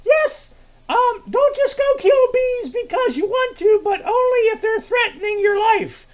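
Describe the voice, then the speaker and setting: A squeaky cheeky boy puppet. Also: lively intonation, a little slow. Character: cheeky young boy puppet, quick and quippy. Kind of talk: children's puppet skit.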